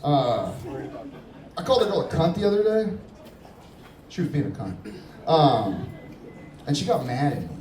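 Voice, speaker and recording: Male stand-up comic, teasing and laughing at the crowd, lively delivery, roomy live-club sound. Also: a little high, moderate pace, pauses often. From Middle Eastern heritage, Persian father. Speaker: stand-up comedian. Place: comedy club stage. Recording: echoey room, distant, noisy crowd.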